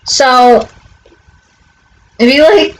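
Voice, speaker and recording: A young woman chats through a rambling story outdoors by her front door, her voice sitting a little high. She strings thoughts together with many fillers and casual swearing, with faint ambience behind her. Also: extremely slow, slight background noise, rough recording. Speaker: vlogger.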